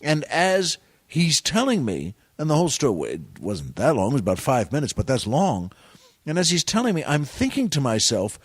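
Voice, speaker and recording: A man's voice: fairly high pitch, wildly swooping pitch, normal speed, husky, dry recording, clean studio sound. Self-deprecating male comedian telling stories. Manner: rambling, self-deprecating storyteller with many restarts. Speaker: guest comedian and actor. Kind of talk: anecdotal storytelling on a podcast.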